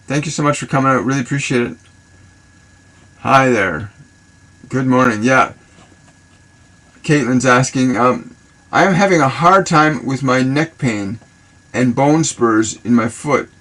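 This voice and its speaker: A man's voice: medium pitch, a bit bright, poor audio. A man on a live stream answering viewer questions as a spiritual reader, loose and rambling, repeating himself and voicing affirmations. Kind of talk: casual live-stream guidance. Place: live social video stream.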